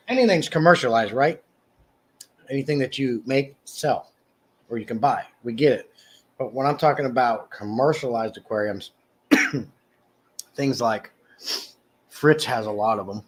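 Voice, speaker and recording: A man's voice: animated, breathy edge. Guy doing a laid-back live stream, chatty, answers the chat, kinda rambly. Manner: rambling, answers chat by name, many restarts; mock sales pitch, slow and emphatic. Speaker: livestream host. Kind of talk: casual live chat reading comments.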